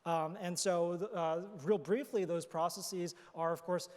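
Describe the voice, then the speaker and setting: A man's voice: sits high, steady tone, measured pace, a little mellow. A man, an astrobiologist on a conference panel, explaining his ideas thoughtfully with fillers and restarts. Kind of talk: panel discussion answers. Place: conference hall. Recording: hall reverb from a conference stage.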